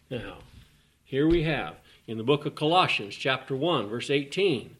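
A man's voice: mid-range voice, measured pace, vocal fry, husky. A man preaching a folksy, emphatic sermon, with sudden rising bursts.

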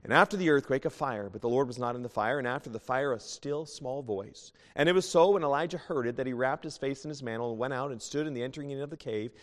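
A male pastor delivers an impassioned sermon, his voice surging up in fervent bursts and then dropping to hushed, tender pleas. His pitch sits in the middle for a man. The sound rings with a long church reverb. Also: racing, few pauses. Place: church sanctuary.

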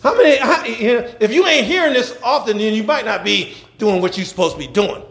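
A man preaching a sermon as pastor, animated, laughing and shouting at times. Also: high-pitched, a little fast, gravelly, echoey room. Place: church.

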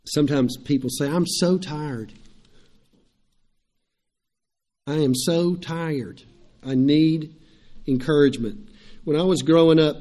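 A man's voice: fairly high pitch, dark tone. A middle-aged man, preaching a sermon in a conversational way, repeating phrases and turning to the congregation with asides. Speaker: pastor.

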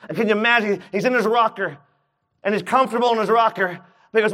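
A man's voice: sits high, fast. A man preaching a sermon, retelling a Bible story and acting out its characters' voices. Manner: acts out the story's voices with rising excitement. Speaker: pastor.

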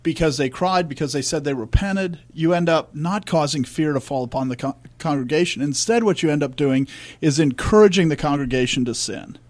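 A man's voice: on the high side, brisk. A man co-hosting a church discussion podcast, speaking earnestly and emphatically. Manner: earnest, emphatic, reads scripture aloud. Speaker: podcast co-host.

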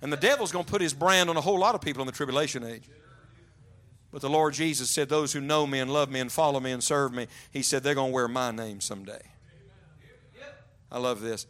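A man preaching a sermon to young adults, telling stories and often dropping to a hushed, low voice for emphasis. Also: a little fast. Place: large church auditorium.

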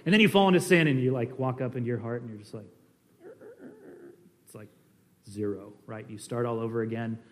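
A man teaching in an earnest, conversational sermon style, swinging between emphatic stresses and quiet asides, with fillers and restarts. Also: medium pitch, fairly quick, long pauses, slight background noise. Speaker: preacher.

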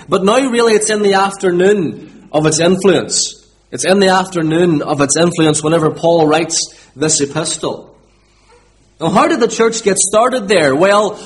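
A man from Northern Ireland with a Northern Irish accent, preaching a sermon and repeating his key words for emphasis. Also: high-pitched.

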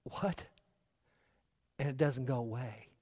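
Preacher, male, high-pitched voice, emphatic delivery with hushed drops; sanctuary reverb. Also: measured pace. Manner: earnest, emphatic, shifting between loud stresses and quiet low asides. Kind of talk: sermon.

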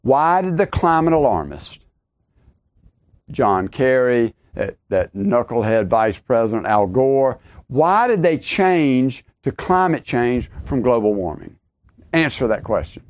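A man's voice: mid-range voice, big pitch swings, slow. A middle-aged man preaching a podcast sermon, emphatic, repeating his key lines and rising sharply on exclamations.

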